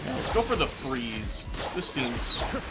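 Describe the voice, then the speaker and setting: A man's voice: medium pitch, very animated, measured pace, loud music behind the voice. A young man streaming a game, chatting casually and going off on tangents, full of "like" and "um". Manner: rambling, tangent-prone, heavy use of "like" and "um". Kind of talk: casual chat while gaming.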